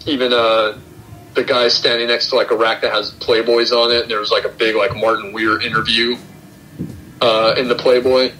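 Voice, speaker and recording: A man's voice: medium pitch, level tone, moderate pace, sharp tone, slight background noise, rough recording. A young man hosting a podcast, casually retelling a film's plot scene by scene and acting out the characters' lines. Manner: retells film plot step by step, acting out quotes. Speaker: podcast host. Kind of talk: casual film review chat.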